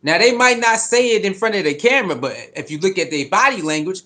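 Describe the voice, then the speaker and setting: A man's voice: high voice, expressive, fast, sharp tone. A man delivering a heated, profane sports commentary rant, repeating his points with mounting frustration. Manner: fired-up, profane, repetitive.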